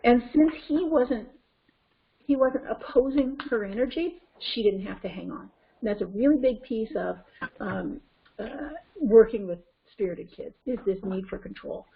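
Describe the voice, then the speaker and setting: A woman's voice: on the high side, moderate pace, husky. A woman parenting coach teaching a webinar in a conversational way, often checking in with "okay?" and "right?". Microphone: conference call line. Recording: muffled web call audio.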